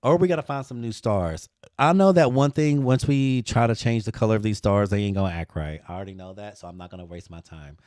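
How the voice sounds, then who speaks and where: A man's voice: on the low side, brisk, hardly any pauses, darkish tone, no echo, clean studio sound. A man hosting a live design tutorial, talking to viewers in a playful, sassy way.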